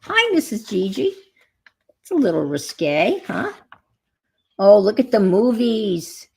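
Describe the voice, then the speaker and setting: Chatty woman with a gravelly, husky voice. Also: mid-range voice, sing-song, slow, a little mellow. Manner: chatty, rambling, greets viewers by name. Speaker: craft livestream host. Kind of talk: casual live chat while crafting.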